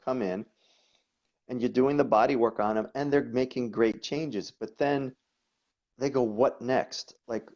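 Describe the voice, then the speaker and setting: A man, a guest coach, talking casually and telling stories in an animated way, often repeating words. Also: medium pitch, a little slow, pauses often. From New York. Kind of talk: conversational storytelling. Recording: dull lo-fi audio.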